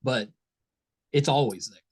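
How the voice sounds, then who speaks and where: A man's voice: medium pitch, measured pace, slightly rough. A man with a West Virginia accent hosting a podcast interview, friendly and self-deprecating. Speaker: podcast host. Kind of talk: casual interview chat.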